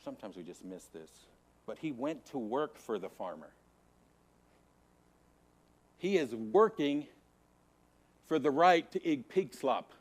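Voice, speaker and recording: A man teaching Sunday school, preaching with a repetitive, emphatic cadence and dramatic swings from hushed to loud. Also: mid-range voice. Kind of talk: Bible teaching to a congregation.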